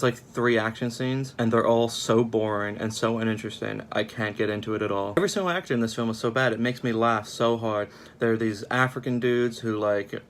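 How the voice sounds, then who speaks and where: A young man giving a casual, sarcastic film review, rambling at an uneven pace. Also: medium pitch.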